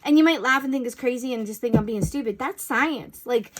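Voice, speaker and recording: A woman's voice: a little high, fairly quick, a bit bright. A woman giving an intuitive reading to a general audience in a casual, rambling, conversational way, with bursts of exclaimed asides. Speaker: intuitive reader giving a collective message. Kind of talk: casual spiritual guidance talk.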